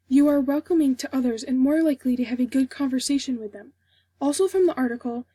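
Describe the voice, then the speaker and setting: A young woman with a high yet mellow voice delivers a prepared class speech, steady and formal as she reads from her script. Her tone is a little husky, and the recording is dry and close, with no room sound. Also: no echo. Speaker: student giving a class speech. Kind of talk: read informative speech.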